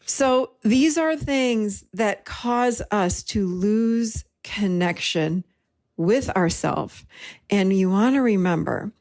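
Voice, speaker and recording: A middle-aged woman speaks in a medium pitch, somewhere in the usual range for a woman. She tells a personal story to her listeners in a lively, animated way and acts out each line of the dialogue. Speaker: host and therapist-style teacher.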